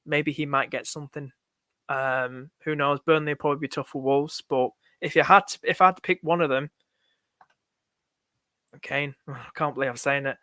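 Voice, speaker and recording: Male streamer, high voice, dry close sound, chatty and rushed. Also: dry recording. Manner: excitable, rushed, repeats himself, says "mate" a lot. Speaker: fantasy football streamer. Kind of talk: live stream chat answering viewer questions.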